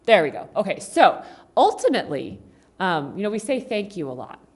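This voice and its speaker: A woman giving an informal, conversational talk to a church congregation, animated and acting out quoted speech along the way. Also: medium pitch, normal speed, slightly rough. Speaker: guest speaker at a church service.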